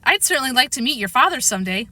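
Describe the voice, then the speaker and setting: A woman's voice: sits high, big pitch swings, very fast, pushed and bright, full character voice. A woman voicing a polite, friendly grown woman in a children's storybook reading.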